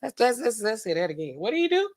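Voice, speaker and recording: A woman hosting a livestream in casual commentary, animated and laughing, acting out quotes in exaggerated voices. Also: on the high side, quick pace. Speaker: pharmacist livestream host.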